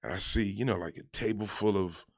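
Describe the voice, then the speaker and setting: A man in casual conversation, an army veteran telling his stories in an animated way and acting out the shouted lines of the people in them. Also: lowish voice, brisk, dry recording, studio quality. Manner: animated storyteller, acts out quoted shouts. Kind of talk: casual storytelling chat.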